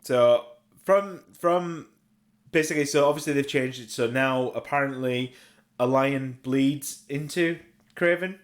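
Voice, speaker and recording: A man's voice: medium pitch, measured pace. A middle-aged Australian man co-hosting a podcast, rambling eagerly like a comic-book fan in casual chat. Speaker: podcast co-host.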